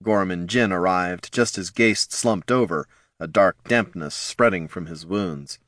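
A man narrating a fantasy audiobook in a steady, measured storytelling manner on a close studio mic. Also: low-pitched, no room sound.

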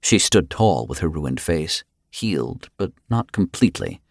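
A man narrating a fantasy story in a dramatic, expressive way. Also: deep voice, a little slow, gravelly, dry recording, studio quality. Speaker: audiobook narrator. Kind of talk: scripted narration.

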